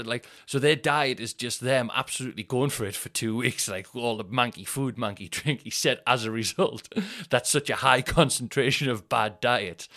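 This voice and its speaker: On his solo podcast, this Northern English host talks at a moderate pace in a mid-range voice with a bright, forceful tone. He rambles, swears, and pokes fun at himself in casual conversation.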